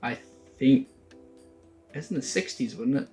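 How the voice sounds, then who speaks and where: A man's voice: mid-range voice, animated, unhurried, dark tone, soft background music. A young man co-hosting a screenwriting podcast, chatting in a laid-back, teasing way with casual swearing. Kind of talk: casual chat.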